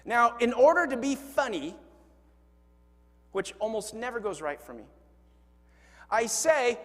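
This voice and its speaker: Lively high-voiced male pastor in an echoing hall. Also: a little slow. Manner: animated storytelling with acted-out quotes; self-deprecating humor. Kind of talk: sermon. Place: church sanctuary. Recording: long hall reverb. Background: congregation laughing.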